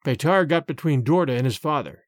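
A man narrating a first-person story in a measured storytelling manner. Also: a little high, lively intonation, no room sound, studio quality. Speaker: audiobook narrator.

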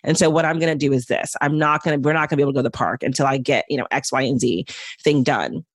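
A woman doula, the guest, explaining parenting calmly and evenly in a relaxed chat with many "like" fillers. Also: a bass voice, quick pace, dry recording, studio quality. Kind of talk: casual podcast conversation.

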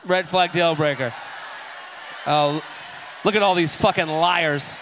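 A man's voice: a little high, steady tone, slow, background noise. A man hosting a live comedy show, joking and swearing as he banters with the crowd. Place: live venue with audience.

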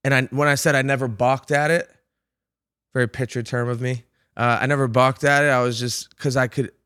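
A man in a casual podcast conversation, reflecting haltingly, searching for words and swearing casually. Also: mid-range voice, fairly even intonation, fairly bright tone, clear, resonant tone, dry recording, clean studio sound.

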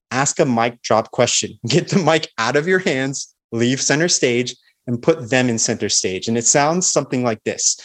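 In a podcast interview, this confident guest breaks down how he sells, his voice sitting at an ordinary middle pitch. He keeps an energetic, instructive manner and momentarily acts out the calls he describes.

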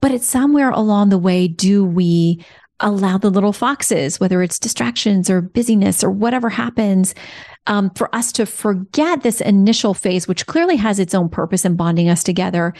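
A woman's voice: mid-range voice, normal speed, a little mellow. A middle-aged woman hosting a podcast, reading passages aloud and reflecting on them with light humor. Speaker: podcast host. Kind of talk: conversational podcast interview.

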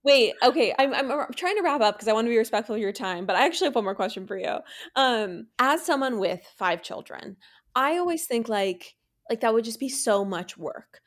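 A woman's voice: fairly high pitch, animated, fairly quick. A woman co-hosting a podcast in casual chat, friendly, gushing and upbeat. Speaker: podcast co-host.

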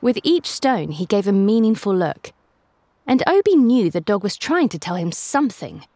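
Lively woman narrating a kids' story. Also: mid-range voice, moderate pace, no room sound. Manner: warm, animated storytelling with playful asides. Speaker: storyteller and host.

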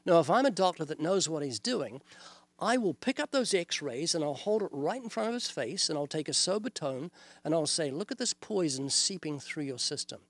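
Earnest older New Zealand evangelist. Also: male voice, on the high side, big pitch swings, moderate pace, no room sound. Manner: earnest, illustrative, quotes scripture and acts out dialogues. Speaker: evangelist guest. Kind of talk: preaching in an interview.

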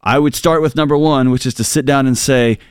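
A man's voice: medium pitch, fairly even intonation, clean tone, no echo. Brief: middle-aged man, talk radio host, blunt and emphatic, dry close sound. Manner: blunt, emphatic, drawn-out points. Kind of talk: casual advice talk.

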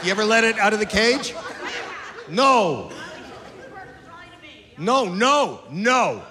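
An older man works the crowd from a comedy club stage, his high voice rising into incredulous shouts. The stage mic carries a long reverb, with a loud audience and steady room noise behind him. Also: slow pace. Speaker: stand-up comedian. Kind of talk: stand-up crowd work. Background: laughing crowd.

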